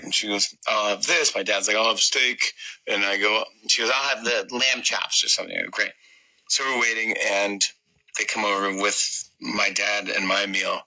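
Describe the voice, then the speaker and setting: A middle-aged man tells a story in an interview, and he acts out the voices of the people in it. His tone is very bright and clear. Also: fairly low pitch, low-quality recording. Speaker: comedian guest.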